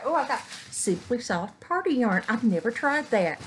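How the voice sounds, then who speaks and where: Woman, chatty vlogger, gushing, somewhat high-pitched, faint hiss behind. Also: very animated, normal speed, hardly any pauses. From Texas. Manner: chatty, gushing, exclaiming over each find. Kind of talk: casual unboxing chat. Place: home indoors, evening.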